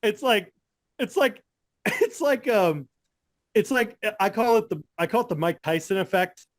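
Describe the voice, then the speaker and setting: Animated ranting man, lively pitch. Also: normal speed, no room sound, studio quality. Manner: animated, swearing, laughing often, ranting. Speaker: podcast co-host. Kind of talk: casual chat.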